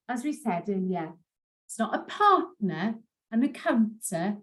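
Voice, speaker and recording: Slow, lively-voiced woman teaching. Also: mid-range voice. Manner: repeats words slowly and clearly for learners. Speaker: Welsh language teacher. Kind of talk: pronunciation lesson.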